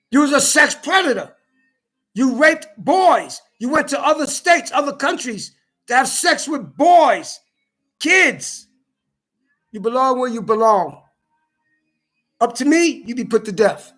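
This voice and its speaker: A man's voice: very high-pitched, expressive, measured pace, pauses often, bright, forceful tone, faint music behind. A man delivering a heated, profane monologue full of stumbling restarts, as a social media commentator. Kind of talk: ranting monologue.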